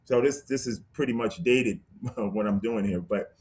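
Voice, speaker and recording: A man as a guest, telling a story in a casual, animated way, with many restarts. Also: medium pitch, normal speed.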